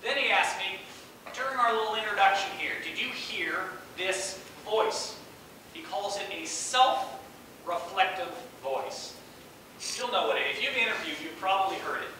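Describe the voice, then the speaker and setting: A middle-aged man giving a lively storytelling talk as a guest speaker, acting out the voices of people he quotes. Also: high voice, normal speed. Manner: animated, acts out quoted voices. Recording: echoey hall, distant mic, noisy.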